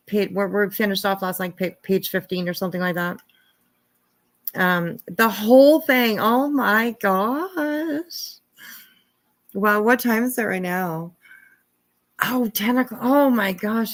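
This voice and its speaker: A woman in her fifties hosts a casual livestream, chatting with viewers, thanking them by name, and laughing often. Her voice is medium in pitch and a little slow.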